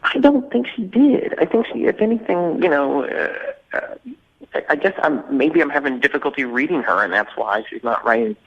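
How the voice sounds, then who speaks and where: Hesitant male caller, gravelly, on a phone line. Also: a little high, animated, normal speed. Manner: hesitant, many fillers, earnest. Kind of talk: telling a dating story on air.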